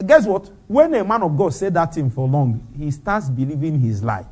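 A man's voice: a little high, big pitch swings, moderate pace, darkish tone, husky. A man preaching a sermon, firing off rhetorical questions and breaking into laughter.

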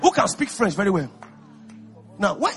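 A Nigerian man from Ekiti preaching an exuberant sermon, calling out to the congregation and often shouting. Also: sits high, wildly swooping pitch, normal speed, vocal fry, faint music behind, a faint crowd. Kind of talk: lively sermon.

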